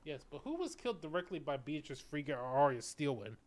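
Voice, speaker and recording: A male streamer reading game dialogue aloud in a brisk, pressing way. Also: a little high, very animated.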